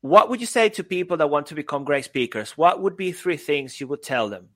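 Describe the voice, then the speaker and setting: A man's voice: fairly high pitch, lively intonation, fairly quick, sharp tone, dry recording. A man co-hosting a podcast, talking in an effusive, enthusiastic way and praising his guest. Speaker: podcast co-host. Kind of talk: casual podcast chat.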